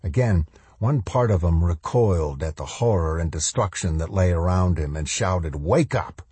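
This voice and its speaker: A man narrating a novel in an audiobook with measured, even storytelling. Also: low-pitched, husky, no echo.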